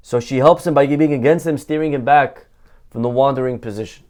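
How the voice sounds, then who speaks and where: A rabbi man delivering a Torah lesson sermon in a mid-pitched voice. He talks with animation, firing off rhetorical questions and answering them himself, and he repeats key phrases to drive a point home. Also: a little fast, a little mellow.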